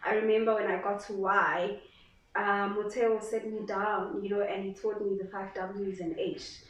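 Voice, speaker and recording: Expressive South African woman, roomy distant sound. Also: medium pitch, moderate pace, dull audio. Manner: expressive storyteller who acts out quotes. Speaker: sports broadcaster, guest. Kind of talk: casual interview chat. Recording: roomy echo, distant mic.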